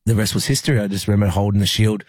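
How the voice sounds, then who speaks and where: A man's voice: fairly low pitch, steady tone, very fast, darkish tone, no echo. An Australian man, a rugby league player, recalling a personal story in an interview in a rambling way with many fillers and restarts. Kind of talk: emotional personal recollection in an interview.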